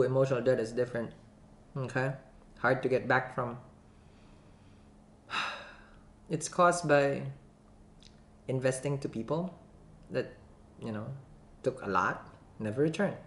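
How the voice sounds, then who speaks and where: A playful tarot reader talks straight to the viewer, cracking jokes and laughing between card pulls. The voice sits at a middle pitch and carries a clear room echo, with a faint hum of background noise. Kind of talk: casual tarot reading to camera. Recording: roomy echo.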